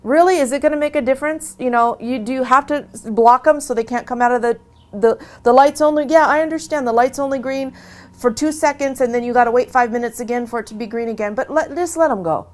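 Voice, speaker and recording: A woman telling her own story in a casual, chatty way, animated, with many restarts and asides. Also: high-pitched, fast talker. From USA. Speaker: convert sharing her story. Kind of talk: casual testimony.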